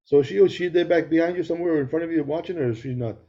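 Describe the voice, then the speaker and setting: A man's voice: fairly high pitch, very fast, dark tone. A middle-aged man co-hosting a podcast over a video call, telling rambling jokey stories in casual chat. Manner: joking, rambling storyteller. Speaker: podcast co-host. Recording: dull lo-fi call audio.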